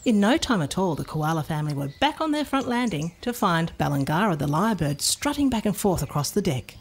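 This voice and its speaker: A woman narrating a children's storybook in a playful, expressive way. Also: lowish voice, a little fast, slightly rough.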